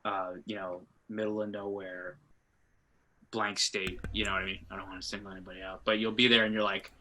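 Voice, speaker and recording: A young man from New Jersey chats in a casual interview, his slightly low voice carrying a sharp, very bright tone. He is laid-back and jokey, often trailing off mid-sentence. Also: level tone, a little fast. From Asbury Park area, New Jersey. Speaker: band frontman guest.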